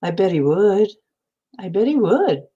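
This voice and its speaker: Woman host just chatting, slow and rambly, lots of um and you know. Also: mid-range voice, sing-song, mellow, husky, muffled recording. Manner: meandering, chatty, many fillers. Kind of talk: rambling casual chat.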